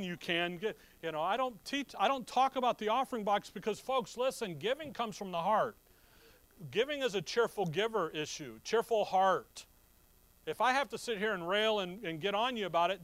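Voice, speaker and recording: A man's voice: high voice, fairly bright tone. A man preaching a sermon to his congregation, reading scripture and explaining it in a folksy, conversational way full of rhetorical questions. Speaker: pastor.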